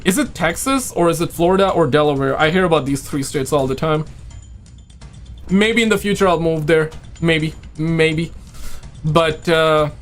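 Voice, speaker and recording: A man hosting a casual live stream, rambling excitedly and chatting with viewers while saying he is losing his voice. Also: fairly high pitch. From Quebec, Canada. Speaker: livestream host.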